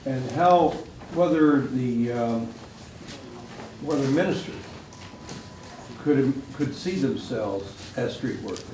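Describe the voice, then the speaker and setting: A man's voice: medium pitch, lively intonation, takes it slowly. A man in the audience asking a question hesitantly, with ums and restarts, heard from far off in a room. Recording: distant voice in a noisy, echoey room.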